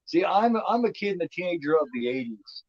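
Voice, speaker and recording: A man's voice: high voice, big pitch swings, fast, dry recording. A man in his fifties hosting a casual movie commentary, rambling and repeating himself with lots of "you know what I mean.". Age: 50s. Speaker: host. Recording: dull lo-fi sound.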